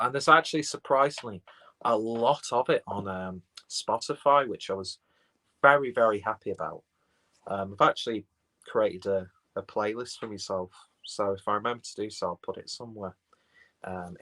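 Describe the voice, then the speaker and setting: A man's voice: on the low side, normal speed, sharp tone, rough recording. A man chatting casually on a live beer stream, rambling and reading out viewer comments from his phone.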